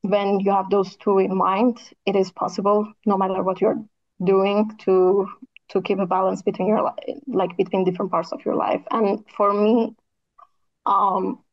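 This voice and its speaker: A woman's voice: medium pitch, little pitch movement, moderate pace. A woman architect speaking as a guest in a casual interview, her voice a bit tired, thoughtful, with many fillers. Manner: thoughtful, with frequent "like" and "kinda" fillers. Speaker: architect and podcast co-host, guest. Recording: slightly dull lo-fi audio.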